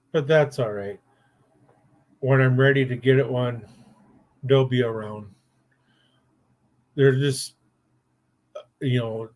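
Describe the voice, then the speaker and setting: An older man, a grandfather with a medium-pitched voice, hosts a casual chat podcast. He tells rambling stories bluntly and with plenty of profanity.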